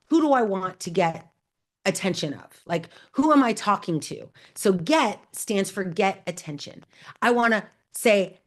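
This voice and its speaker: Upbeat woman giving career advice. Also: medium pitch. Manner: energetic, encouraging, calls out to the audience. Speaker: host. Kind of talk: Q&A advice talk.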